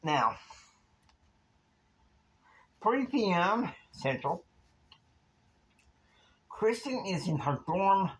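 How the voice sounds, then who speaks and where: Slow, lively-pitched man telling a story. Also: rough recording. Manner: meandering, with fillers and time stamps. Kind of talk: rambling casual storytelling.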